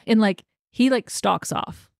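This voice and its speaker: A woman's voice: fairly high pitch, measured pace, vocal fry, no room sound, clean studio sound. A woman co-hosting a podcast, earnestly retelling a novel's plot in casual chat, with lots of fillers. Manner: earnest storytelling with frequent "like", emotional. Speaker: podcast co-host. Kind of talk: casual book discussion.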